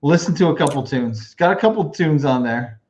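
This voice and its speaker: A man co-hosting a podcast in casual chat, reacting with quick exclamations and laughing a lot. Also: on the high side, animated, a little mellow. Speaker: podcast co-host.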